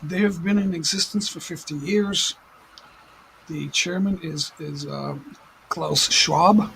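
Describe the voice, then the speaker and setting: An American man hosting a casual livestream chat from home, rambling and halting with many fillers and restarts, sitting a little back from his desk mic. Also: fairly high pitch, creaky, a bit bright, a little hiss or hum, low-quality recording. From United States. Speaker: livestream host. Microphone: desk mic at some distance.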